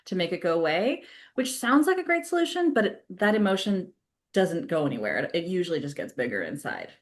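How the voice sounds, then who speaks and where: A woman's voice: on the low side, big pitch swings, a little fast. A woman therapist talking in a casual podcast conversation, thoughtful, laughing easily and using plenty of fillers. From California. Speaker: therapist guest.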